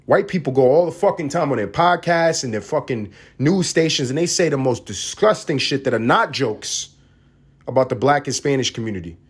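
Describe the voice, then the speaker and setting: Husky man ranting on a podcast. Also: medium pitch, lively intonation, fairly quick. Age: adult parent. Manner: profane, heated, sarcastic ranting. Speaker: podcast host. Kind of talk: ranting solo podcast commentary.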